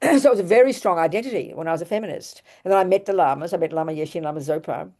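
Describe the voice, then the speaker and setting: With a lowish voice and a racing pace, this Australian-accented older nun talks dharma with animated emphasis, often breaking off to restart and repeat what she's saying.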